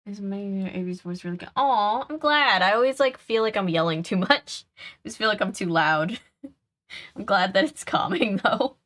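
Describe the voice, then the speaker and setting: A woman's voice: medium pitch, animated, moderate pace, fairly bright tone. A woman hosting a live game stream, chatting casually, laughing often and answering her chat aloud.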